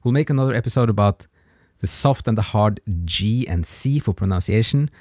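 A man teaching a grammar lesson, patient and encouraging, pausing so learners can answer before he gives the form. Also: on the low side, a little mellow, no room sound, clean studio sound. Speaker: language teacher.

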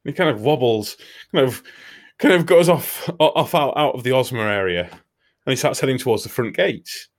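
A man's voice: mid-range voice, moderate pace. A man tells a crude workplace story in casual chat. His voice sits mid-range for a man but rises and falls a great deal, full of swearing and loose, chatty delivery. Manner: animated, swearing, laughing storyteller. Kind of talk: comic storytelling.

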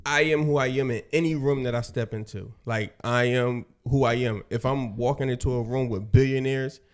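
A young man talking casually, with slang and swearing, steady and emphatic when making a point. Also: mid-range voice, normal speed, clean tone. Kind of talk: casual conversation.

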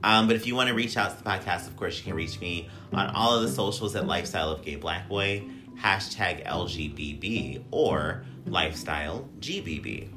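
A man's voice: deep voice, expressive, normal speed, music in the background. A man hosting a casual podcast, joking and rambling with filler words and asides. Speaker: podcast host.

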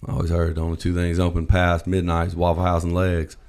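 A man's voice: sits low, monotone, fast talker, a little mellow. A man, telling a story in casual chat, swearing freely and acting out voices.

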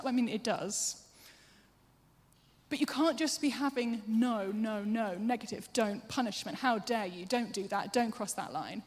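Woman, preacher, sermon, higher voice, chatty, self-deprecating asides, long hall reverb. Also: a little slow, breathy edge.

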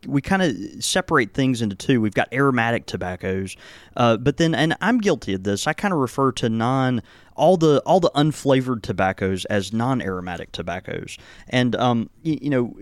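The speaker is an American man of medium pitch who hosts a podcast for his pipe tobacco shop. His casual chat wanders, full of fillers and restarts, and the recording carries no room sound.

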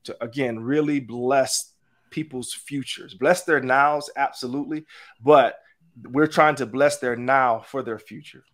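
A man's voice: medium pitch, steady tone, a little slow, fairly bright tone. A man, a guest on a sports talk show, speaking in an earnest, heartfelt way. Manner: earnest, heartfelt, repeats himself for emphasis. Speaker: guest, former football player. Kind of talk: casual interview talk.

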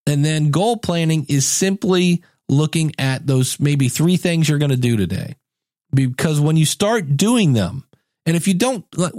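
A man's voice: fairly high pitch, sing-song, normal speed, darkish tone, no echo, clean studio sound. A man hosting a casual solo podcast, chatty and self-mocking, often acting out little quoted lines. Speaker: podcast host.

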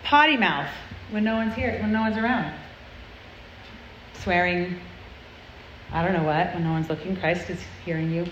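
A woman's voice: fairly low pitch, normal speed, long pauses, a bit bright, slight background noise. Woman preaching to teen girls, earnest and chatty, asks lots of "right?", sounds kinda muffled in a big echoey room. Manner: earnest, confessional, conversational, with tag questions. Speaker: speaker at a girls' church event. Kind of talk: sermon. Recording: roomy, muffled sound with faint ambience.

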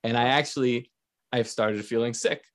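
A man's voice: medium pitch, steady tone, moderate pace. A man hosting a podcast, telling stories in a casual, crude way and laughing often. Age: adult with young kids. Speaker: podcast host. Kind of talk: casual chat.

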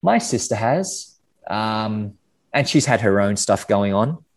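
Man, very low pitch, halting, repeats words, casual swearing, interview guest. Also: animated. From Australia. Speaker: podcast guest. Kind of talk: candid interview conversation.

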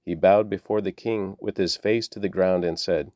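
A man reading scripture aloud in a steady, measured way. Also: low voice, no echo. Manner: steady, measured, with small slips. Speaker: Bible reader.

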